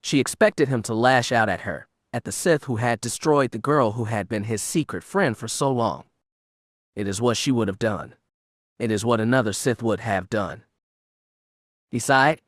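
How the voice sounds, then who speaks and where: A man in a middle register reads an audiobook in a steady, measured way. The sound is dry and close, with no room echo. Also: mid-range voice. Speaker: narrator. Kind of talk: audiobook narration.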